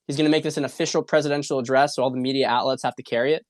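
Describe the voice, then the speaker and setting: A man's voice: medium pitch, fairly even intonation, rapid-fire, no echo, studio quality. A man hosting a political talk stream, ranting in a rambling, repetitive and profane way with a lot of heat. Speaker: political commentary host. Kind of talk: casual livestream monologue.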